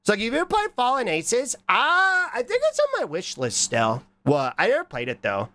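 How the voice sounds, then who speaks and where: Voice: medium pitch, wildly swooping pitch, a little fast, dry recording. A streamer with a stuffed-up nose from a cold, chatting casually and rambling while reading chat. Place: hot room indoors.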